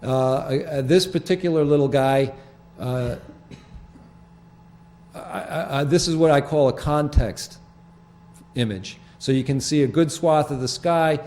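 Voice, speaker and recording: A man hosting a public access TV show from a studio, talking casually over his photos in a rambling, halting way with many restarts. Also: a little high, a little mellow.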